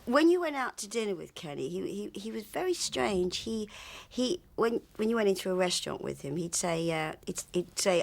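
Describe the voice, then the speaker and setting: A woman interviewee telling anecdotes in a chatty, animated way, often restarting her sentences. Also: mid-range voice, normal speed, creaky. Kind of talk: anecdotal reminiscence.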